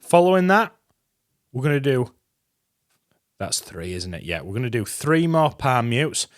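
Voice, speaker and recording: A man's voice: medium pitch, big pitch swings, measured pace, no echo, clean studio sound. A man teaching a guitar lesson, chatty and encouraging, counting beats aloud as he explains. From England. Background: guitar playing.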